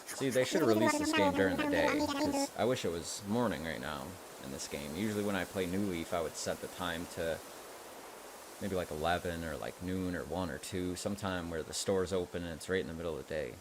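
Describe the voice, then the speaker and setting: A man's voice: low voice, sing-song, fairly quick, crowd noise. A man streaming a video game, chatting casually with rambling asides as he plays. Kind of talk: casual gameplay commentary.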